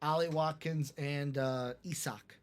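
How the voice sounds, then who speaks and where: A man co-hosting a live stream, chatting about sports in a relaxed, offhand way. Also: a little high, measured pace, clear, resonant tone. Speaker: co-host. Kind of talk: casual chat.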